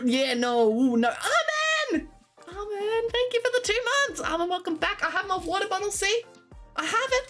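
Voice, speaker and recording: Aussie girl streaming from home, really high voice, chatty and giggly, faint music under it. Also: fairly bright tone. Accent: Australian. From Australia. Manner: bubbly, giggly, rambling. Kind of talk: casual live-stream chat.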